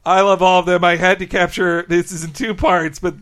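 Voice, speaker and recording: A man's voice: high-pitched, little pitch movement, fairly bright tone. A man co-hosting a podcast, chatting casually and enthusiastically with frequent chuckles. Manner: enthusiastic, chuckling, quick asides. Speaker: podcast co-host. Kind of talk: casual chat.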